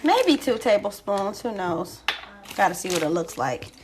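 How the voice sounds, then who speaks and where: A woman's voice: medium pitch, very animated, unhurried, heavy background noise. A woman hosting a home cooking video, chatty and explaining each step as she cooks in her kitchen. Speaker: cooking show host. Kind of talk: casual cooking demonstration.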